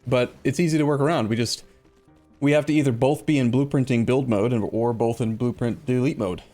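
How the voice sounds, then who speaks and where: A man hosting a multiplayer let's play in loose, chatty talk, often restarting his sentences and cracking jokes. His voice sits right in the middle of the male range. Soft game music plays faintly underneath. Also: medium pitch, brisk. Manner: rambling, self-correcting, jokey. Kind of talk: casual gaming chat.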